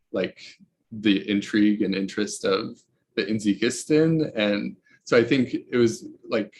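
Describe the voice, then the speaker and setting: A young man speaking as a researcher in an academic interview, hesitant, with many fillers and restarts. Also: on the low side. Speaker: researcher guest.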